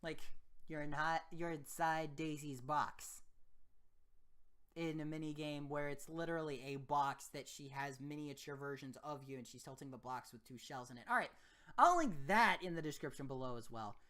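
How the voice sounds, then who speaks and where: A man's voice: on the high side, moderate pace, fairly bright tone. Rambling gaming YouTuber, a young man. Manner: rambling, restarts sentences often. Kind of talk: casual vlog monologue.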